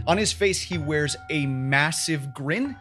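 A man narrating a tabletop game as game master, describing scenes in an animated way. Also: fairly high pitch, takes it slowly, soft background music. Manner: animated, descriptive, chuckling at slips.

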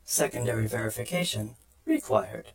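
A man narrating an audiobook voices a cold computerized mech system making flat, clipped announcements. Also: fairly low pitch, moderate pace, creaky. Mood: mechanical. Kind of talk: audiobook character voice.

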